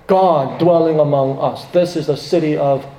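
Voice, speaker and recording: A man's voice: a little high, steady tone, normal speed, warm tone. A man preaching a sermon, turning dramatic and emphatic when he quotes laments. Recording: echoey, reverberant hall.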